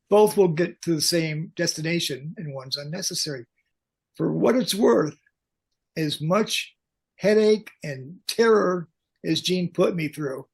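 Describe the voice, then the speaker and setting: An older man, a concert pyrotechnics veteran, telling lively backstage stories as a podcast guest and acting out the lines he quotes. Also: a little high, takes it slowly, vocal fry, breathy edge. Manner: animated anecdotes, acts out quoted lines. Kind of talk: storytelling in a podcast interview.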